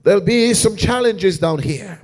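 A male evangelist preaching a revival sermon in a church, calling out to the congregation again and again and building from hushed passages to shouted, half-sung peaks. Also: sits high, expressive, measured pace. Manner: rhythmic preaching with repeated call-outs to the congregation; swings from hushed storytelling to shouted, sung-out climaxes.

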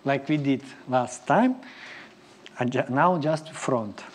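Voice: medium pitch, takes it slowly. A ballet teacher leading a live class, counting and scatting rhythms in choppy English. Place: ballet studio. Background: piano music.

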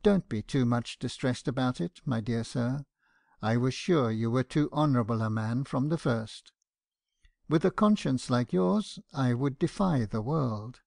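A man voicing a fussy, earnest elderly doctor in an audiobook, speaking with soft, formal, flustered politeness. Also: mid-range voice, animated, unhurried, creaky, no room sound, clean studio sound. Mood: earnest reproof. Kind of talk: audiobook character reading.

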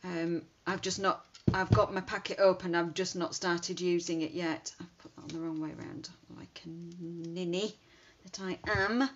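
A woman's voice: lowish voice, fairly even intonation, moderate pace, hardly any pauses. A woman chatting casually while demonstrating card making, thinking aloud as she works. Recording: dull lo-fi sound with faint hiss.

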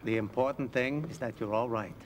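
An actor playing a shrewd, aging male mob financier who speaks calmly and persuasively in a video game cutscene. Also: mid-range voice, a little fast, lightly acted. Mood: reassuring. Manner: calm, persuasive. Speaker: mob boss. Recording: game audio with noisy background.

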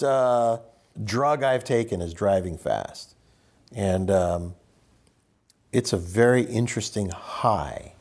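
Middle-aged man giving an animated spiritual talk. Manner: animated storytelling, with sharp swings in pitch. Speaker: host of a group discussion.

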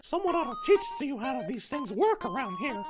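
A man's voice: very high-pitched, sing-song, normal speed. A man voicing a friendly-sounding flower that turns menacing, with game music behind. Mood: sugary. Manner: sweet then snarling, laughing shout. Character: creepy flower turning menacing.

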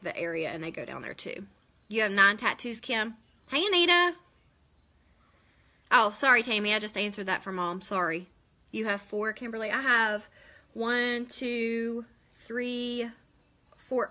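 A woman's voice: mid-range voice, pushed and bright. A woman, chatting casually on a live stream, rambling and answering viewers' comments. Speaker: beauty vlogger hosting a live stream.

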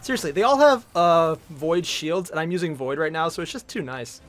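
A male streamer chatting casually while playing, excitable and swearing, with loud outbursts. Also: a little high, brisk, faint music behind. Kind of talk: casual gaming chat.

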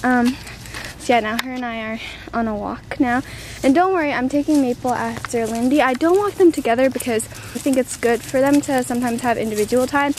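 A teenage girl talks to her camera on a walk, casual and full of ums, a little out of breath. Her voice sits high. Steady outdoor noise runs behind her. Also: fairly quick, low-quality recording. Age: teens. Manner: chatty, many ums, baby-talk to her dog. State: out of breath after a run. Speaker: vlogger. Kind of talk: casual vlog chat.

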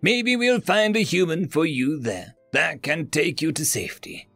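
A gentle male alien scientist speaks softly and anxiously, in a man's own narrating voice. His tone is gravelly and moves through a lively range of pitch. The recording is dry, with faint music beneath. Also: a little slow, no echo, full character voice. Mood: worried. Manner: soft, worried.

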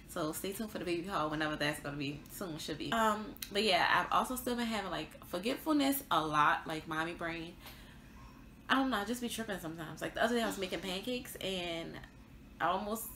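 A young woman vlogs her pregnancy update in a chatty, rambling way, full of fillers and small laughs. Her voice is bright and forward. The room gives it a noticeable echo with faint ambience behind. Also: mid-range voice, slight background noise. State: pregnant, tired. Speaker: vlogger. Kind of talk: casual pregnancy update vlog.

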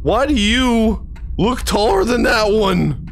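A man's voice: sits high, expressive, slow, a little hiss or hum. A man doing live commentary on a horror game he is playing, jumpy, swearing and joking with the characters on screen.

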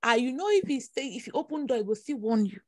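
A woman's voice: a little high, expressive, fast, no echo, clean studio sound. A woman delivering prophecies in an emphatic, repetitive preaching style with dramatic exclamations. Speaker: prophetess leading prayer. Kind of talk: prophetic sermon over prayer call.

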